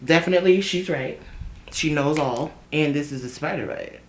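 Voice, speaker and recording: Low-voiced woman telling a chatty storytime. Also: normal speed, a little hiss or hum. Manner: animated, chatty storytelling with asides to viewers. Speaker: vlogger. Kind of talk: casual storytime while getting ready. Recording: roomy echo.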